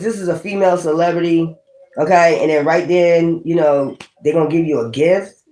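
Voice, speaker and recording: A woman's voice: fairly low pitch, steady tone, normal speed, dark tone. New woman doing a tarot reading, swears a lot, chatty, echoey room. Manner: blunt and chatty, with swearing and laughs. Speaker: tarot reader.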